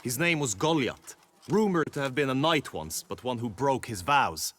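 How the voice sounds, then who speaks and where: An actor playing a male knight recounting a legend in a measured way, in a game dialogue clip. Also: medium pitch, lively intonation, a bit bright, faint music behind. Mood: storytelling.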